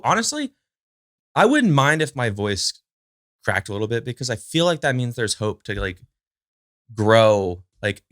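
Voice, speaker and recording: Seated before a camera at home, the podcast host chats solo in a loose, rambling way, full of filler words and asides aimed at his dog. He has a mid-range voice with a fairly bright tone, captured in clean studio sound without echo.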